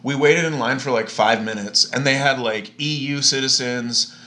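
A bright-voiced man in his late thirties ranting. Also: mid-range voice, normal speed. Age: 30s. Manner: profane, exasperated ranting storyteller. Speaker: podcast guest. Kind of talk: casual podcast chat.

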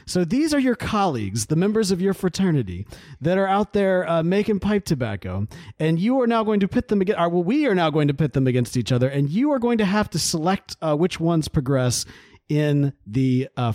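A man's voice: a little high, a little mellow, dry recording. Upbeat man host, dry close sound. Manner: upbeat and teasing, drives the segments. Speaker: podcast host. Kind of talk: casual chat.

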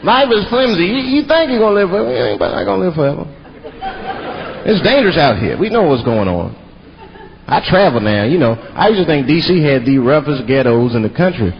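A man from Washington, D.C. doing a stand-up comedy set in a theater, animated and jumping into mimicked voices. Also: fairly high pitch, fairly quick. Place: theater stage before a live audience. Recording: muffled live stage recording with loud crowd.

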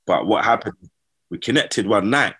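A man with a lowish, husky voice speaks at a normal speed, telling stories in casual slang. He's animated and acts out what people said as he goes.

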